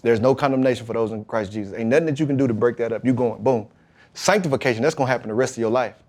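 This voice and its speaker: A man, a pro football player, talking as a podcast guest, telling his story about faith and football in a lively, emphatic way. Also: mid-range voice, racing. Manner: emphatic, animated retelling with acted-out quotes.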